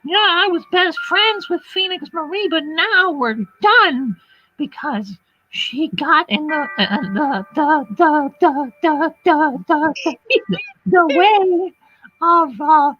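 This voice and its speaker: Speaking slowly in a high, pushed-up voice, a woman mocks a ditzy, stammering woman by imitating her, tripping over repeated filler words in a whiny babble. The audio is dull and lo-fi, with music playing.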